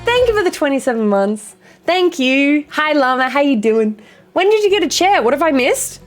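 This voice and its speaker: An excitable woman hosting a live stream, her high voice swinging up and down as she chats with viewers. She swears freely and greets each chatter by name, with faint music playing behind her. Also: fairly quick. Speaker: livestream host. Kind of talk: casual chat with live viewers.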